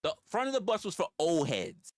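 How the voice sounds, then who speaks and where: A man's voice: fairly high pitch, huge pitch swings, brisk, no room sound, studio quality. A man, rambling through profane stories on a casual livestream. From New York. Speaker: livestream host.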